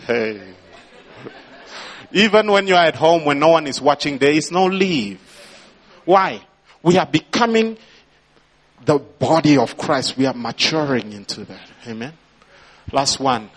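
A man's voice: fairly high pitch, expressive, unhurried, long pauses. A man preaching a sermon as pastor, prompting the congregation and rising into emphatic bursts.

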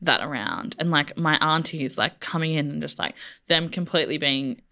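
A young woman with a low, deep voice chats loosely on a podcast. She leans on lots of "like" fillers and laughs easily. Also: normal speed, gravelly. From Australia. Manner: relaxed, many "like" fillers, laughs often. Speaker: guest. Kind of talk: casual chat.

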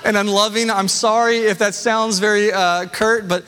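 Man, pastor, thirties, high-pitched voice, preaching a sermon, long echo of a church hall. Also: fairly even intonation, normal speed, pushed and bright, clean tone. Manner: preaching with scripture readings and asides.

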